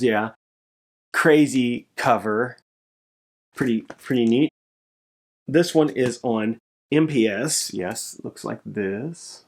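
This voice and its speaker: A man talking casually on his vlog as a record collector, showing his finds and getting excited, his voice jumping up when thrilled and dropping low after. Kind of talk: casual show-and-tell vlog.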